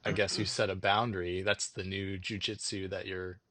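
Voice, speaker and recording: A man's voice: sits low, flat delivery, normal speed, sharp tone, dry recording. A man speaking reflectively in a casual podcast conversation, often restarting his sentences. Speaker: podcast co-host.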